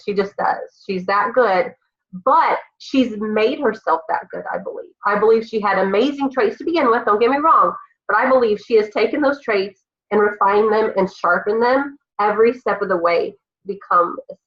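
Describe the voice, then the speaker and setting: A woman's voice: mid-range voice, a bit bright. A woman leading a team call, speaking emphatically and with feeling to her listeners. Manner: emphatic, heartfelt, addresses listeners as y'all. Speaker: team leader hosting the call. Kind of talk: encouraging team call talk. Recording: dull lo-fi sound.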